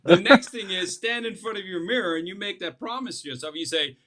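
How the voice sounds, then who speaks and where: A man's voice: sits high, fairly quick, few pauses, pushed and bright. A middle-aged man, a speech coach, giving tips as a guest in a playful, joking, demonstrative way.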